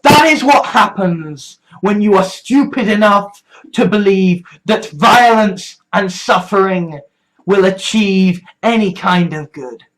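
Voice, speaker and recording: A speaker putting on a bad Scottish accent to play an angry, self-righteous Doctor in a loud, heated rant that stumbles over its words. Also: mid-range voice, lively intonation, slow pace, low-quality recording. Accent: put-on Scottish.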